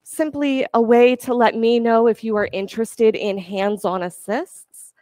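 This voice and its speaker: A woman yoga instructor giving calm, encouraging cues for breath and poses during a class. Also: on the high side, measured pace, no room sound, studio quality.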